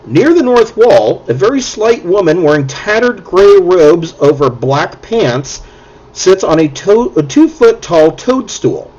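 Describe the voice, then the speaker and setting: A man running a tabletop game as dungeon master, narrating scenes in a relaxed, descriptive way. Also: high voice, unhurried. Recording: dull lo-fi audio.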